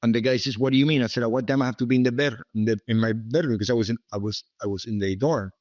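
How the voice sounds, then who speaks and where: A man's voice: medium pitch, racing, darkish tone, dry recording, muffled recording. Older Cuban-accented man telling stories. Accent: Cuban Spanish. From Cuba. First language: Spanish. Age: 70s. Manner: rambling, repetitive, emphatic asides like "okay?". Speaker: guest, businessman. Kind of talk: storytelling interview.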